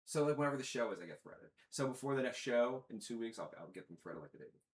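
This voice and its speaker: A man's voice: mid-range voice, lively intonation, very fast. A man hosting a podcast, chatting casually and telling rambling, profane stories. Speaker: podcast host. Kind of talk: casual chat. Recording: roomy echo.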